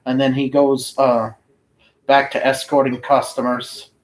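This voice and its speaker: A man casually reading his own fiction aloud, unhurried and flat, now and then pausing to find his place. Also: medium pitch, low-quality recording.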